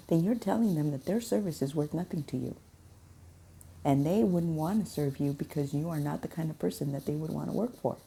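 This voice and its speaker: A woman speaks in a low, very dark voice with a husky, gravelly grain. She tells a casual testimony from her restaurant job, earnest and a little preachy. She circles back on her points to drive them home. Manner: earnest, preachy repetition with laughs. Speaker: restaurant worker sharing a faith story.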